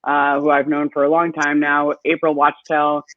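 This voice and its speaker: A man's voice: a little high, monotone, moderate pace, no echo. A man hosting a live online interview, chatty and hesitant, with many fillers, speaking over a video call. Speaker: host. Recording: tinny phone-like dry sound.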